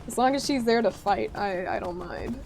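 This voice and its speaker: Her voice sits on the higher side and moves at normal speed against a noisy background. She's streaming a game with music playing beneath her, casually chatting and jokingly ribbing the people in her chat.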